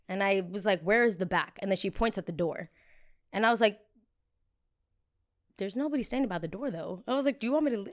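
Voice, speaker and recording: A woman's voice: medium pitch, a little fast. A young woman hosting a podcast, telling a story casually and acting out the people in it with exaggerated voices. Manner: animated, acts out quotes in exaggerated voices. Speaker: podcast host.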